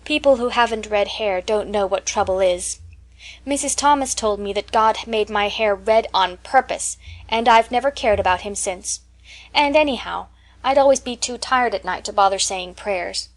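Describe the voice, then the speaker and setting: A woman's voice: medium pitch, moderate pace, lightly acted. A woman reading an audiobook and voicing a talkative, dreamy eleven-year-old orphan girl in a raised, eager voice.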